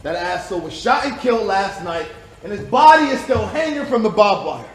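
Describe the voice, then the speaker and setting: A man's voice: high voice, sing-song, a little fast, slight background noise. A man playing a menacing soldier interrogator, echoey room. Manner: threatening, shouting in bursts, mocking laughs. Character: hard-bitten American soldier interrogating a prisoner, menacing. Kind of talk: indie film drama.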